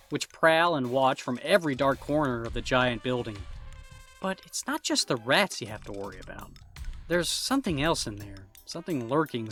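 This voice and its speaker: A man's voice: medium pitch, bright, forceful tone. A man giving a wry, jokey scripted review of a horror movie, rambling at times. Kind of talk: casual scripted review narration.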